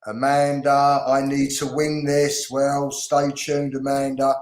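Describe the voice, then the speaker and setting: A man's voice: medium pitch, completely flat delivery, slow, a little mellow, reverberant. A British man hosting a live online hair class, greeting viewers in an upbeat, chatty way with lots of ums, on a video call. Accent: British English. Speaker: host.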